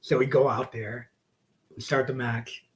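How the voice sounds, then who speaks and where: Profane, animated male wrestler telling stories. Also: mid-range voice, a little slow. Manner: animated, acts out quotes, drops to whispers. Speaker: podcast guest, wrestler. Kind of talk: casual storytelling, profane.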